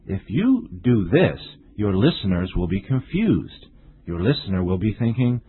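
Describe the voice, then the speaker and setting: A man teaching an English lesson in a slow, deliberate, strongly stressed scripted delivery, with a husky voice. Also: lowish voice, big pitch swings, dry recording. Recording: tinny lo-fi dry recording.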